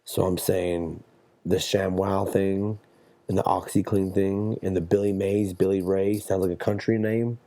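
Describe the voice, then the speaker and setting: A man's voice: low voice, level tone, unhurried, dark tone. A young man hosting a solo podcast, rambling and swearing through a jokey, meandering monologue. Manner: profane, meandering, jokey storytelling. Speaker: podcast host.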